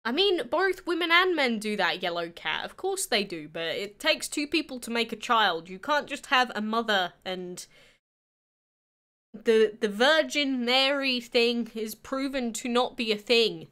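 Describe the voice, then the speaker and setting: Bright-voiced young English woman streamer. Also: on the high side, lively intonation, measured pace. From England. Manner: chatty, reads out and answers viewer questions. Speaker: livestreamer. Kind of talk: casual chat answering live chat.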